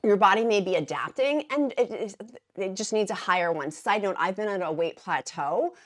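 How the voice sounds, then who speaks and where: A woman vlogger talking casually and emphatically to her viewers, repeating words for stress and dropping into quieter asides. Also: medium pitch, expressive, normal speed. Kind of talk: casual explainer vlog.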